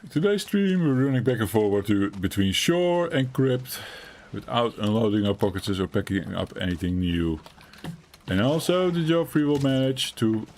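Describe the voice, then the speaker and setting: Sleepy low-voiced man streaming a game. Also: a little mellow, slight background noise. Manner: tired, rambling, laughs often. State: sleepy, yawning. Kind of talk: casual gameplay commentary.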